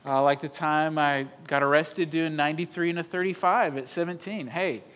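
Emphatic pastor, loud then hushed. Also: male voice, fairly high pitch, fairly even intonation, normal speed, slight background noise. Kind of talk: sermon. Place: church sanctuary.

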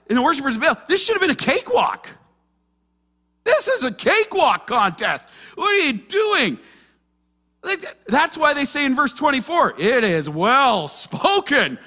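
A man preaching an expository sermon as pastor, animated and acting out the voices in the story. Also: high voice. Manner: animated, acts out quoted voices.

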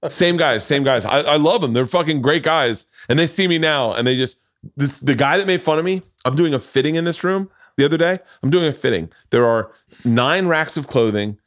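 A man hosting a podcast, telling stories in a lively, profane way. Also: fairly high pitch, brisk. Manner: animated, profane storytelling. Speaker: podcast host. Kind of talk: casual chat.

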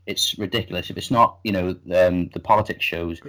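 A man's voice: low voice, steady tone, fairly quick, a bit bright, rough recording. A man hosting a podcast in casual chat, blunt and opinionated, putting questions to his guest. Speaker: podcast host.

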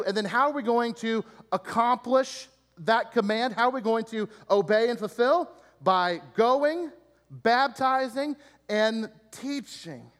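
A man with a high, bright voice preaches earnestly to his congregation and builds his points through emphatic repeated lists. His voice carries a long reverb from the church hall. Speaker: pastor. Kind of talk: sermon.

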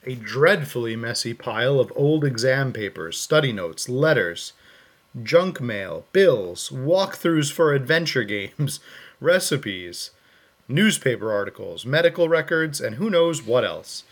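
This time the co-host has a mid-range, animated voice and takes his time, reading the text adventure's passages aloud during a casual playthrough and tossing in amused remarks.

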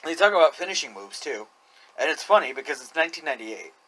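Man, high voice, very animated pitch, laughing, rambling podcast chat. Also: quick pace, rough recording. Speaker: podcast co-host. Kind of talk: casual chat.

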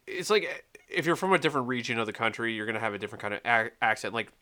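A man co-hosting a podcast in casual chat, explaining things hesitantly and haltingly. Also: medium pitch, expressive, sharp tone. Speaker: podcast co-host.

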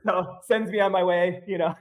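A man's voice: high-pitched, steady tone, moderate pace. A man on a podcast as a guest, telling a story in casual chat, full of fillers and breaking into laughs often.

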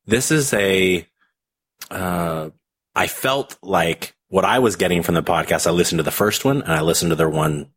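A man's voice: sits low, fairly bright tone, breathy edge. A man talking bluntly on a podcast, cursing now and then and restarting his sentences. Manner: blunt, profane, halting restarts. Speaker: podcast guest. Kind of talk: casual podcast talk.

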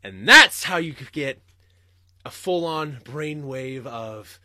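A man's voice: medium pitch, expressive, takes it slowly, sharp tone, dry recording, studio quality. A young man hosting a podcast, ranting and rambling solo with lots of swearing and laughter. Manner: rambling, profane, laughing ranter. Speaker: podcast host.

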